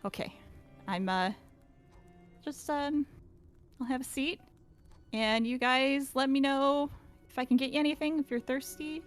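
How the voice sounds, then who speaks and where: A woman's voice: sits high, a little slow, long pauses, soft background music, voice pushed up. A woman voicing Gus, a nervous, eager male innkeeper who stammers and apologizes over and over. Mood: flustered.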